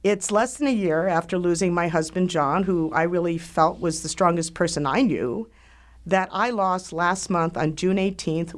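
A middle-aged woman hosting a show, speaking in a slow, earnest and heartfelt way. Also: lowish voice. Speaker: host. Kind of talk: scripted monologue.

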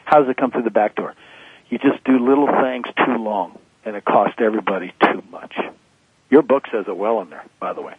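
Over a tinny phone line, a man in his fifties who works as a motivational speaker gives a radio interview as a guest, preaching his message with emphasis. His voice sits on the low side, brisk and husky, with no room sound.

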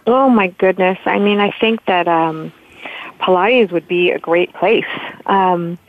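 A woman's voice: fairly low pitch, measured pace. A woman from Southern California, a guest calling in, telling her story in a heartfelt, rambling way with many restarts. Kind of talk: casual interview storytelling. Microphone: phone. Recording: tinny phone line, dry.

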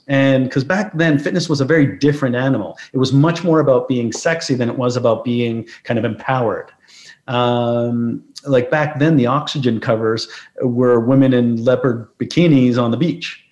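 A man's voice: mid-range voice, fairly even intonation, moderate pace, darkish tone. A man being interviewed as a guest, telling reflective anecdotes in a conversational way. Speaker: guest, photographer. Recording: roomy echo.

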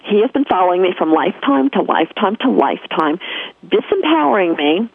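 Husky New York woman on a phone line. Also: mid-range voice, sing-song, brisk, no echo. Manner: earnest, emphatic, many restarts. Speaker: guest. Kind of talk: personal spiritual storytelling. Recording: tinny phone line, dry.

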